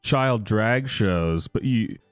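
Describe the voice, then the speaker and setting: A man's voice: on the low side, expressive, takes it slowly, clear, resonant tone, no echo, soft background music. Sarcastic man in a dry room. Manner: sarcastic, mocking, laughs often. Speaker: commentary host. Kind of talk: casual reaction commentary.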